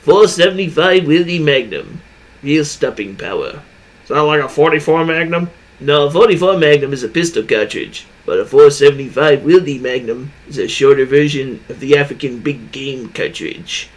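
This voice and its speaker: Male co-host, joking casual banter, slightly high pitch. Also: moderate pace. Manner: joking, laughs a lot. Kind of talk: casual chat.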